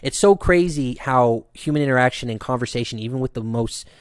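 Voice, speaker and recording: A man's voice: mid-range voice, brisk, dry recording, studio quality. Profane, rambling male podcast storyteller. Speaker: podcast host. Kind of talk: casual storytelling chat.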